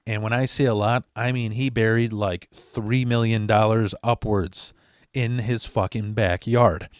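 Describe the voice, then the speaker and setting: A man's voice: lowish voice, fairly even intonation, unhurried, clean tone, no echo, clean studio sound. A man telling a story in a casual, rambling, profane way, often restarting and adding asides. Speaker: storyteller host of his channel.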